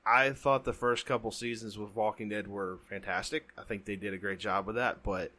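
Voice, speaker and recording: A man with a lowish voice chats casually as a podcast co-host. He rambles, trails off and restarts his sentences often. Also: fairly even intonation, bright, forceful tone. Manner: rambling, halting with many restarts. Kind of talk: casual chat. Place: home, during a thunderstorm.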